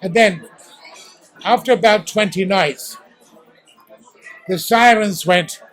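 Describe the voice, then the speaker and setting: A man's voice: high-pitched, takes it slowly, fairly bright tone, faint music behind, low-quality recording. A man in his eighties from the East End of London with a posh English accent, telling stories theatrically in an interview at a restaurant. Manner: theatrical, acts out sounds. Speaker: guest actor. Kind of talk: storytelling interview.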